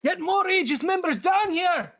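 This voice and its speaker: A man voicing a panicked male guard who shouts for backup in a frantic way. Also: extremely high pitch, lively intonation, normal speed, pitched above the performer's own voice, exaggerated voice.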